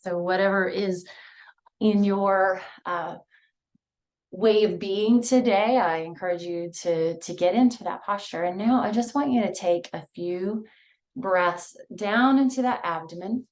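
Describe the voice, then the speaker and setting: A woman leading a guided breathing and visualization exercise, talking softly and soothingly with many pauses. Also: mid-range voice. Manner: slow, soft, soothing guidance with many pauses. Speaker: mindfulness instructor.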